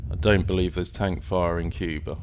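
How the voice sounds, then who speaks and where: A man's voice: sits low, steady tone, normal speed, slight background noise. A man from near London with an English accent, hosting a live stream in a casual, rambling way with many fillers and restarts. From England, near London.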